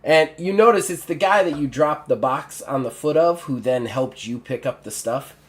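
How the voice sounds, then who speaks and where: A man's voice: a little high, normal speed. A man running a tabletop game as game master, narrating in a rambling way full of fillers and restarts. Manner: rambling, filler-heavy, self-correcting.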